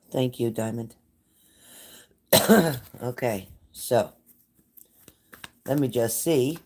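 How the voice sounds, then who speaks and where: A woman's voice: a bass voice, a little mellow. An older woman hosting a live stream as a psychic reader, talking casually and emotionally to her viewers, scattered and chatty.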